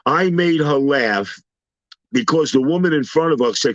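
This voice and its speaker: A man on a casual talk panel tells stories at a measured pace, energetically performing the voices of people he meets. His pitch sits in the usual middle range, and the recording is dry with a slightly dull, lo-fi quality.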